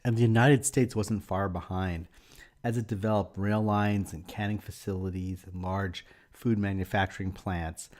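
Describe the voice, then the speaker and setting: Low-voiced man narrating a lecture. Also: darkish tone. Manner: measured, explanatory. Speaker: instructor.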